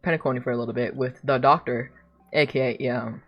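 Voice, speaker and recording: A woman with a strikingly deep, low voice, talking through a game stream in a loose, rambling way. She is sarcastic and swears freely, with faint game music running behind her. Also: fairly even intonation, a little fast, lo-fi sound. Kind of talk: casual stream commentary and story recap.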